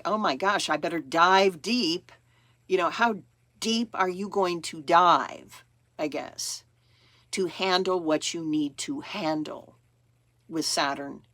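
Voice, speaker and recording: Chatty woman astrologer, low voice. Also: fairly bright tone, dry recording. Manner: chatty, rambling, acts out her own thoughts. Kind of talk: casual astrology talk to camera.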